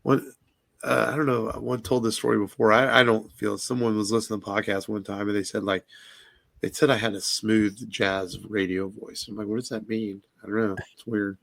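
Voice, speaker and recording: Laid-back Texan man, slight gravel. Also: fairly low pitch, flat delivery, fairly quick, a bit bright, dry recording. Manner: laid-back, rambling with fillers. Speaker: podcast host. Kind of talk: casual chat.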